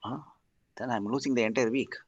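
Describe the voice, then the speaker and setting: A man's voice: mid-range voice, steady tone, brisk, husky, lo-fi sound. A man, a student in an online class, thinking aloud and asking hesitant questions.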